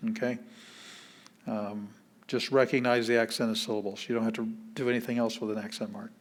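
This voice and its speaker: A man's voice: mid-range voice, flat delivery, brisk. A man, a pastor, teaching a beginner language class in a patient, plain-spoken way, walking through each step. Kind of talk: classroom lesson.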